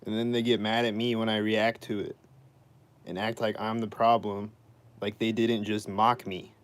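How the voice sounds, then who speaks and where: A man on a livestream rants in an aggrieved, circling way and keeps asking the same questions again and again. His voice sits on the low side for a man. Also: flat delivery, normal speed. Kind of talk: livestream rant.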